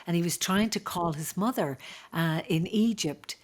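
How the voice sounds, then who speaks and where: Low-voiced Irish woman, halting storyteller. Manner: halting, with frequent fillers and restarts. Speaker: midwife recounting her experiences. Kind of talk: conversational podcast storytelling.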